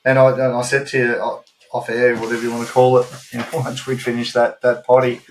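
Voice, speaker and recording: A podcast co-host with an Australian accent tells a story in casual chat, swearing freely and rambling off into asides. His voice is medium-pitched and monotone and he talks fast, on a rough recording with a little hiss or hum.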